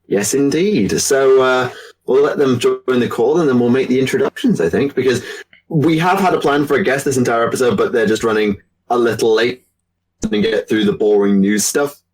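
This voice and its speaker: A husky-voiced man co-hosting a podcast, his pitch sitting in a middle range. He talks in a rambling, enthusiastic way with plenty of restarts. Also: normal speed, a little mellow, low-quality recording. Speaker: podcast co-host. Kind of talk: casual chat.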